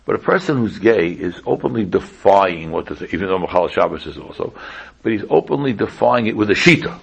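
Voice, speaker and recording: A man's voice: deep voice, lively intonation, brisk, creaky, slightly rough, lo-fi sound. A man, a rabbi giving an informal Torah lecture in a conversational way, repeating pointed rhetorical questions. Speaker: rabbi teaching a class.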